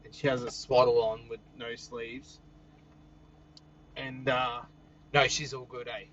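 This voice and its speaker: On a casual night-time livestream outdoors, a young Australian man reads viewer comments and jokes easily, chuckling often in an easygoing manner. He speaks unhurriedly at a medium pitch with little pitch movement and a slightly bright tone. The highs are cut off, and there's a little hiss or hum.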